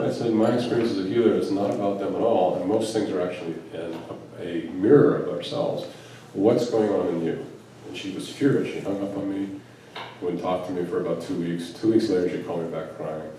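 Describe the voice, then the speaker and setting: This US man, a physician who teaches spirituality, talks to a live audience in a low-pitched, warm voice at a fairly quick pace, telling stories through quoted dialogue and rhetorical questions. He's picked up from a distance in a large, echoey event room, with faint background noise.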